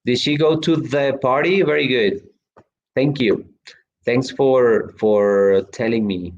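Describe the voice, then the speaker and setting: This English teacher talks slowly in a medium-pitched, somewhat mellow voice while reading his students' chat during an online lesson. He's chatty and full of fillers and restarts, with slightly dull audio.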